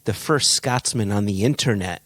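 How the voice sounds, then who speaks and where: A man's voice: fairly low pitch, moderate pace, fairly bright tone. A man co-hosting a podcast, teasing wryly in casual chat. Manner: wry, teasing. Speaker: podcast co-host.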